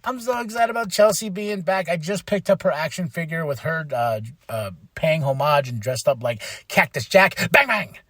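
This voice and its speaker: A man hosts a casual podcast, recapping with excited energy. He stumbles through fillers and slips into little acted-out quotes. His voice sits a bit high, and the recording is close and dry with no room sound. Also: moderate pace, hardly any pauses, no echo. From Flagstaff, Arizona. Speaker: podcast host.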